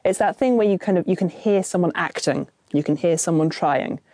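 A woman's voice: lowish voice, a little fast, dark tone, dry recording. A woman novelist, chatting in an interview with dry, self-mocking humour. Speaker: novelist guest. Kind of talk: casual interview chat.

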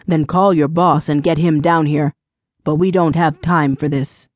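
A steady, composed male firefighter in a storybook, put on by a woman narrator. He talks low, hushed and urgent, his voice dropped well below her own. The sound is close and dry. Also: a little slow, dry recording. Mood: urgent, calm.

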